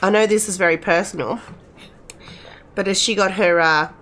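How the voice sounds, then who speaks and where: At a moderate pace and with a slightly bright, medium-pitched voice, a middle-aged woman comments on the game she's playing amid slight background noise. Chatty and rambling, she speaks to the characters as if they were friends.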